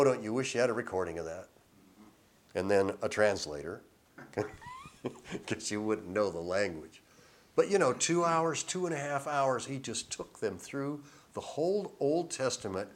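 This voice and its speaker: A man giving informal Bible teaching, reading scripture slowly with emphasis, then chatting and chuckling between verses. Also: mid-range voice, sing-song, a little mellow.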